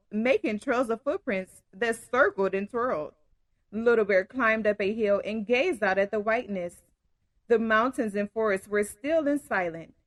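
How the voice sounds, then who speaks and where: A woman storyteller reading a picture book aloud to children in an expressive, engaging way. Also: fairly high pitch, dry recording. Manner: warm, expressive, addresses kids directly.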